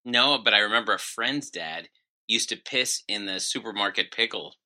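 A man's voice: fairly low pitch, normal speed, pushed and bright. A man co-hosting a comedy podcast, telling wry anecdotes with casual swearing. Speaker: podcast co-host.

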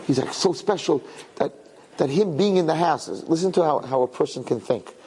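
Guy with a high gravelly voice telling an emotional story, repeats himself a lot, big echoey hall. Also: lively intonation, moderate pace, dark tone, a little hiss or hum. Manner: emotional, repeats words for emphasis. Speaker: religious speaker. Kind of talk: inspirational storytelling talk. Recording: long hall reverb.

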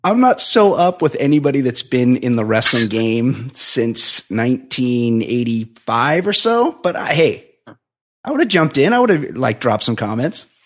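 Husky-voiced man in casual chat. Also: medium pitch, expressive, measured pace, a bit bright. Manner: rambling, laughs often. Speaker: podcast co-host.

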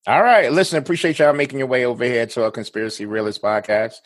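A man's voice: medium pitch, fast talker, dry recording. A man co-hosting a podcast, talking bluntly and casually with frequent swearing. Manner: blunt, swears freely, laughs often. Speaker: podcast co-host.

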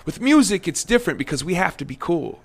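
A man talking as a guest on a casual show, reflective and halting, often restarting his sentences. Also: sits high, very animated. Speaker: musician guest. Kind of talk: casual conversation.

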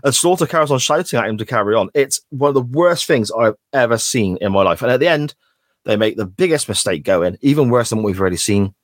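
A man's voice: medium pitch, expressive, fast talker, no echo. A man co-hosting a wrestling podcast, recapping a clip in a sarcastic, sweary, casual way. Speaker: podcast co-host. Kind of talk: casual chat.

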